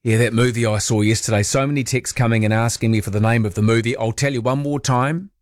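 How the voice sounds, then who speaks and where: A man's voice: mid-range voice, steady tone, quick pace, dry recording. A man hosting an overnight radio talk show in a studio, chatting casually and reading out listener texts with a self-deprecating manner. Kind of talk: casual late-night radio chat. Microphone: studio microphone.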